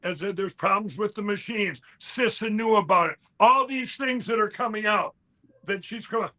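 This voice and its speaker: A man speaking as an interview guest, telling a long story in an animated, rambling way and quoting other people as he goes. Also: high voice, moderate pace. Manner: animated, quotes others in mid-story, frequent restarts.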